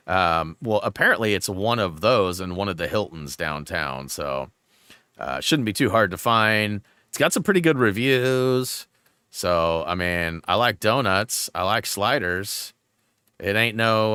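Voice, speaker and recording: A man streams a game and chats with his viewers, his voice bright and smooth and swinging widely in pitch. He rambles from one story to the next with animated energy, recorded close on a dry mic. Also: dry recording. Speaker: gaming streamer host. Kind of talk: live-stream gameplay chat.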